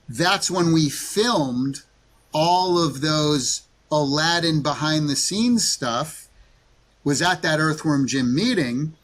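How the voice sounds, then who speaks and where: A man's voice: a little high, fairly bright tone. A man answering interview questions in a rambling, defensive way with many fillers. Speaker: interview guest.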